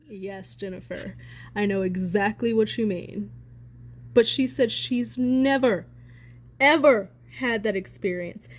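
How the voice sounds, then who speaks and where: A woman talking on her own channel in casual reaction commentary, heated and sarcastic, swearing hard for emphasis. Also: fairly high pitch. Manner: sarcastic asides. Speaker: commentary vlogger.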